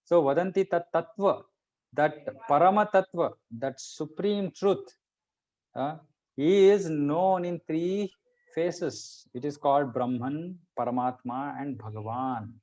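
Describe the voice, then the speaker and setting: Man, scripture teacher, higher voice, patient conversational explainer, dull lo-fi sound. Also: slow, a little mellow. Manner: explains patiently, keeps checking in with "right?". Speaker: Bhagavad Gita teacher. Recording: muffled lo-fi recording.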